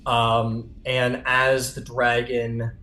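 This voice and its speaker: A man's voice: mid-range voice, monotone, very slow, sharp tone, echoey room, low-quality recording. A man running a tabletop game as game master, narrating loosely with lots of fillers and the odd swear.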